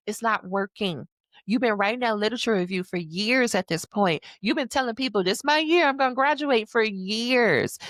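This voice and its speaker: A woman dissertation coach makes her pitch in a casual, frank way, leaning hard on her points and speaking right to the listener. Her voice sits at a middle pitch and is recorded very dry and close, with no room sound. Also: fairly bright tone, no room sound. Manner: emphatic, conversational, acts out quotes in other voices; casual, frank, uses slang. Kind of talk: motivational sales pitch to camera.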